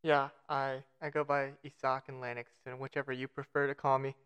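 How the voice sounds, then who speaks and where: This casual podcast co-host has a medium-pitched, fairly bright voice that's clear and resonant, with little pitch movement and a slightly fast pace. He reads facts aloud, pokes fun at himself, and trips over foreign names.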